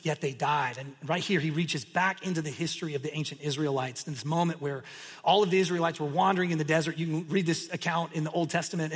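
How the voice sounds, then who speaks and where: High-voiced pastor in a reverberant hall. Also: male voice, slightly rough. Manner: animated storytelling, acting out crowd reactions. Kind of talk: sermon.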